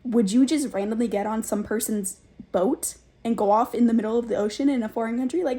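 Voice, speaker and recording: Chatty, excitable young woman vlogger. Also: on the high side, a little fast. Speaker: book vlogger. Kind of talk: casual reading vlog.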